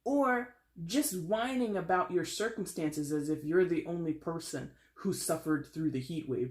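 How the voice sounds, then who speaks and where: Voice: mid-range voice, normal speed, darkish tone, echoey room. A tarot reader from the States giving a blunt, tough-love reading with a sarcastic edge. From United States. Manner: sarcastic, mimics whiners.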